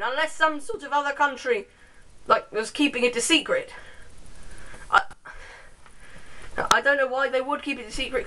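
A woman's voice: fairly high pitch, pushed and bright. A young woman vlogging in a casual, giggly, rambling way, full of self-mocking asides. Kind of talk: casual chat to camera. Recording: distant camera mic with noise.

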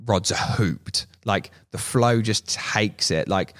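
A man telling a fishing story as a podcast guest, animated, laughing and acting out what people said. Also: lowish voice, slow. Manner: animated, laughing, acts out quotes. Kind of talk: casual storytelling.

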